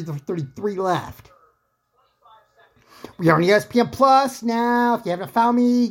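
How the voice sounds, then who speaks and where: A woman doing joking amateur play-by-play commentary on a fight, rambling, excitable and whooping. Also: medium pitch. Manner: rambling, excitable, whooping and laughing at her own jokes.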